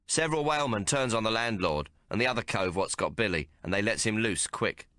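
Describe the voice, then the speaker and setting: A man narrating an audiobook in the first person with rough, colloquial frontier dialect. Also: on the low side, animated, a little fast, few pauses, sharp tone, no room sound, clean studio sound.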